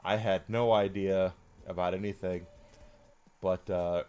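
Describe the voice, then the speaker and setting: A man's voice: low voice, fairly even intonation, a little slow, darkish tone, clear, resonant tone. A man in his forties chatting casually and outspokenly as a streamer, rambling with many fillers. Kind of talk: casual chat while gaming.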